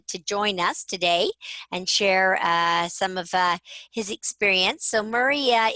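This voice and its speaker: Bright woman hosting a webinar. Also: mid-range voice, dry recording. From Canada. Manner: chatty, conversational, lightly self-correcting. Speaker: webinar host. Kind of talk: introducing a guest on a video webinar. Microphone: video call.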